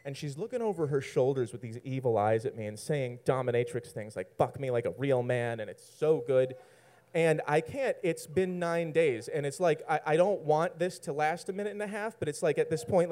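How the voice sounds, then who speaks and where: A man's voice: on the high side, moderate pace, warm tone. Rambling, self-mocking male storyteller. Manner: rambling, self-mocking, laughs at his own lines. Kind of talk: personal story told to an audience.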